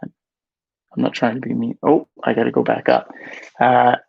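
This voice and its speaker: A man's voice: medium pitch, very animated, a little slow, creaky, breathy edge, no room sound, narrow, tinny audio. A man hosting a casual live Q&A, reading viewer questions aloud and often correcting himself as he answers. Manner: reads chat questions aloud, self-corrects with "rather".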